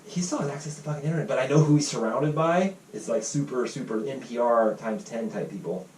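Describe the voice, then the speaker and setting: A man hosting a casual podcast, telling a heated story fast, quoting others and swearing freely. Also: medium pitch, darkish tone, a little hiss or hum. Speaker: podcast host. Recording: roomy, distant mic with faint ambience.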